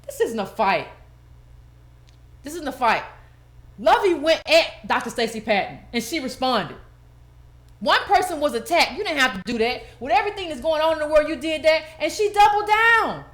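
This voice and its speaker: A woman's voice: high-pitched, big pitch swings, normal speed, fairly bright tone, echoey room. A woman hosting her own channel, giving indignant, emphatic commentary and repeating herself for emphasis. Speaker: political commentator, channel host. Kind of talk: impassioned video commentary.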